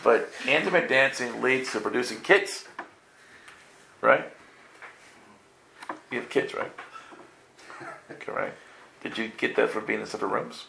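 Male New pastor, gravelly edge, playful and interactive preaching style. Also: mid-range voice, animated, measured pace, long pauses, sharp tone, slight background noise. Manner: playful, acts out voices, quizzes the congregation. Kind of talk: lively live sermon.

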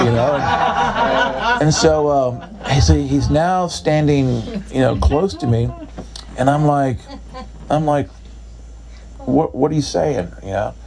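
A man's voice: slow, gravelly, long pauses, crowd noise. A man preaching through a personal story, acting out both sides of the dialogue and filling gaps with "da, da, da". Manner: animated storyteller, acts out dialogue with big pitch jumps, fills with "da, da, da". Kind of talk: storytelling sermon.

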